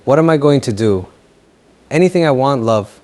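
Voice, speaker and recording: A man voicing a possessive, menacing young lover who taunts slowly in an audio fan fiction story. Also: mid-range voice, animated, a little mellow, close to an everyday voice. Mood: mocking. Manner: slow, taunting, mocking.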